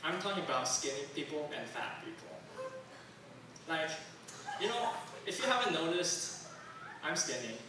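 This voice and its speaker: A man's voice: fairly high pitch, sing-song, normal speed, long pauses, noisy background. Young man from Taiwan doing rambling stand-up. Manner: rambling, self-deprecating, many fillers. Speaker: stand-up comedian. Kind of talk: stand-up set. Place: comedy club stage. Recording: very echoey room, distant mic.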